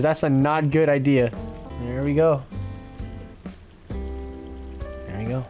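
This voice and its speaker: A man streaming a game, chatting excitably and casually with his viewers in slang. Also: high-pitched. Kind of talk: casual livestream gaming chat.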